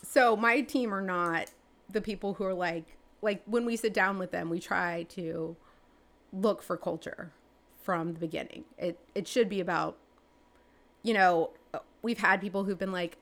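A woman, answering interview questions in a chatty way, with many fillers and restarts, her pitch jumping up when she gets excited. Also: measured pace. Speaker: real estate agent and team leader.

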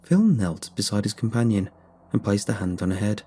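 Male horror narrator, low, dark and husky, steady delivery. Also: moderate pace. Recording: faint background music.

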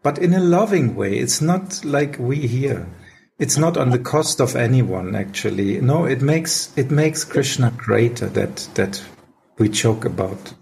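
A man slowly explaining devotional teachings in a discussion, with occasional light laughter. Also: mid-range voice, lively intonation, gravelly, darkish tone, a little hiss or hum.

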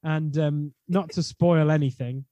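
A man chatting excitedly as a podcast co-host about a tabletop game. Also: fairly high pitch, dry recording, lo-fi sound. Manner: excitable, laughing, fast bursts. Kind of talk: casual podcast chat.

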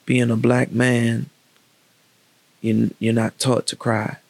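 A man telling a personal story in a candid, reflective, casual way, with halting restarts and pauses. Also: mid-range voice, monotone, creaky, no echo.

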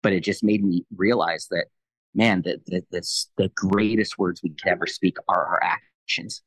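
A man in his thirties sharing a personal faith testimony in a quick, animated way, acting out both sides of a conversation. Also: low voice, no room sound, poor audio. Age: 30s. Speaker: Christian leader, podcast guest.

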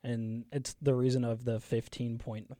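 A man co-hosting a casual sports chat, giving calm, reasoned takes. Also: mid-range voice, normal speed, no echo.

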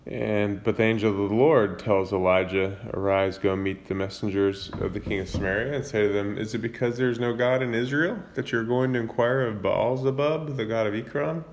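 Low-voiced man casually retelling scripture. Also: steady tone, a little fast, hardly any pauses, a little hiss or hum. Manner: informal, with fillers and self-corrections. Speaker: Bible reader retelling scripture. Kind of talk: casual Bible summary and commentary.

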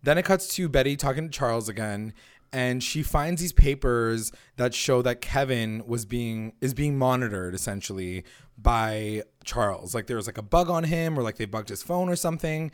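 A man's voice: mid-range voice, moderate pace. A man co-hosting a show, casually recapping a TV episode, laid-back, peppering his talk with "like" and swearing freely. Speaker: podcast co-host recapping a TV episode. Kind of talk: casual chat.

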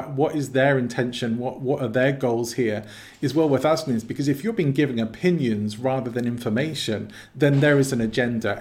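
A man with an English accent, explaining his views as an interview guest in a calm, measured way. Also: medium pitch. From England. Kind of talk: casual interview talk.

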